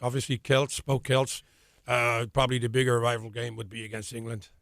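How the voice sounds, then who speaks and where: Man, Irish accent, radio guest, relaxed, mid-pitched, dry close sound. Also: fairly quick, no room sound. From Ireland. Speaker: studio guest, soccer coach. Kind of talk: casual radio interview. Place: radio studio.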